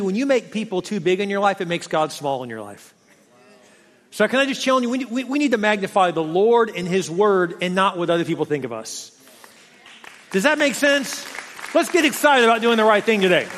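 Male pastor, high voice, energetic conversational sermon, long hall reverb. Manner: energetic, conversational preaching with rhetorical questions.

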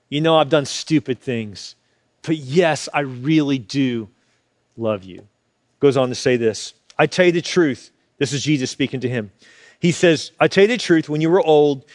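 A man's voice: medium pitch, no room sound, clean studio sound. A male pastor preaching a passionate sermon and acting out the quoted lines.

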